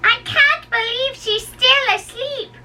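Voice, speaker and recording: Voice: extremely high pitch, takes it slowly, bright, forceful tone, full character voice. A young performer reading the part of a chatty, teasing old nurse in a play, recorded from a distance with a faint hum. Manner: bawdy and teasing, then wailing.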